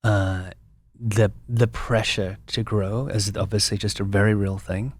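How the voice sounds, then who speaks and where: A man guest and brand founder in a casual interview, an animated storyteller with frequent restarts. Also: lowish voice, measured pace, dry recording.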